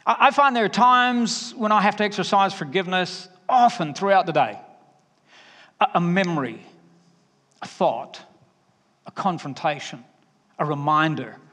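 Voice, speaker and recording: A Southern-accented man in his fifties preaching a sermon, his voice sitting a little high for a man. He talks emphatically and conversationally, sometimes dropping to a hushed aside. A long reverb trails behind his voice. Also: animated, normal speed, pauses often. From Alabama. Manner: emphatic, varies loudness, drops to quiet asides. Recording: reverberant hall.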